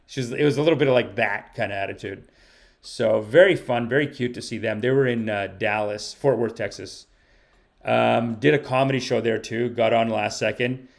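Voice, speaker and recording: A man's voice: mid-range voice, normal speed, creaky. A man hosting a casual podcast livestream, telling stories in a rambling, playful way. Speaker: podcast host and stand-up comedian.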